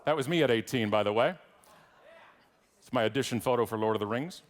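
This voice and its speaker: A man's voice: mid-range voice, fairly quick, slight background noise. A middle-aged man with a Canadian accent giving a humorous keynote speech, wry and teasing the audience. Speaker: keynote speaker. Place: large conference hall stage. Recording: long reverb of a large hall.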